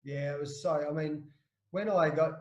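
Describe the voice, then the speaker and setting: A middle-aged Australian man, a former cricketer, telling animated stories with restarts in a casual interview. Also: fairly high pitch, normal speed, reverberant, muffled recording. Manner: animated anecdotes with frequent restarts and laughs.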